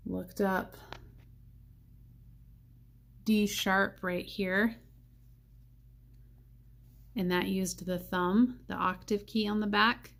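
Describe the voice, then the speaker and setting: A woman teaching a saxophone part, thinking aloud and counting rhythms out loud. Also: mid-range voice, gravelly. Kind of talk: music lesson walkthrough.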